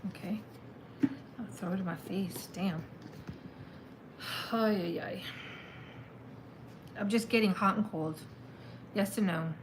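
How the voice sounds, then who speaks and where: A woman reads tarot cards in a loose, chatty way, mulling things over out loud. Her voice sits in an average middle pitch. A faint hum of room ambience stays in the background. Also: slow pace, long pauses. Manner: chatty, thinks aloud, exclaims at the cards. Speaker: tarot reader. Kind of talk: casual live tarot reading.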